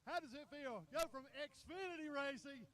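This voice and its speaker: A male trackside announcer with a very high-pitched voice. He hosts a victory lane interview, calling out to the crowd with showman flair. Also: normal speed.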